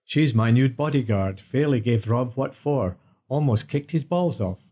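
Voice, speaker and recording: A man's voice: medium pitch, lively intonation, measured pace, warm tone, husky. A man voicing an anxious, lovestruck young male singer in an audiobook.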